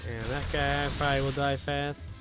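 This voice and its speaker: A man's voice: medium pitch, little pitch movement, normal speed, over music. A man streaming a game, making offhand, joking asides as casual commentary.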